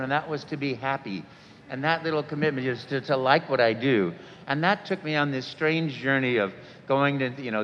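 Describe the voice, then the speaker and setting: A man's voice: mid-range voice, a little hiss or hum. A man in his sixties telling stories to a convention audience, acting out quotes with sudden jumps in voice. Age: 60s. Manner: animated storyteller, acts out quotes with sudden jumps in voice. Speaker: voice actor guest speaker. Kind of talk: storytelling talk to a convention audience. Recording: dull sound with long hall reverb.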